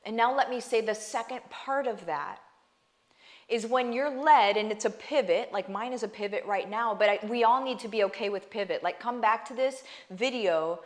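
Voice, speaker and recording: Woman vlogger, higher-pitched voice, heartfelt and emphatic, speaks straight to her audience. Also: normal speed. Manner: earnest, emphatic, often asks "right?" and calls listeners "guys". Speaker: online business coach and vlogger. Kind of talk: heartfelt faith talk to camera.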